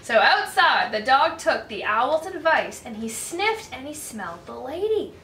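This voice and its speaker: A young woman hosting a storytime, reading a children's picture book aloud in a sing-song, expressive way. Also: high-pitched, unhurried, recorded from a distance. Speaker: storytime host. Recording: echoey room, voice from off-mic, faint hiss.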